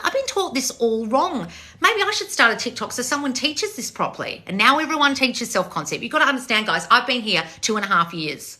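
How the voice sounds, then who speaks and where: Her voice sits at medium pitch with a sharp tone. Reading comments on a livestream, the manifestation coach bluntly tells off her viewers, cursing freely with exasperated tough love.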